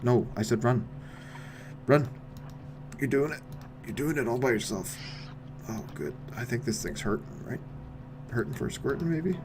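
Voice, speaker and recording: A man commentating his own game play with wry remarks, dropping to mutters and then shouting. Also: mid-range voice, lively intonation, moderate pace, long pauses, background noise. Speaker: streamer.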